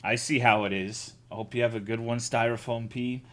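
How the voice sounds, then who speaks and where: A man's voice: mid-range voice, steady tone, brisk, fairly bright tone. A man streaming live, chatting casually with his chat, greeting viewers and swearing a lot while joking around.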